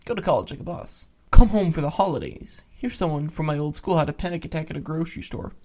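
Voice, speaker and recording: A narrator reading internet greentext stories aloud in a flat, matter-of-fact way, with casual swearing. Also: medium pitch, quick pace.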